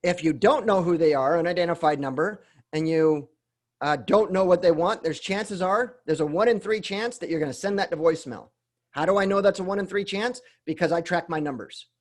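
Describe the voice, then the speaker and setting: Male sales coach with a high voice, chatty teaching style, keeps checking in with the listener and rephrasing mid-thought. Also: fairly quick. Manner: conversational, keeps adding "right?" tag questions; restarts and rephrases mid-sentence. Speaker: real estate sales coach. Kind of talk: teaching webinar talk.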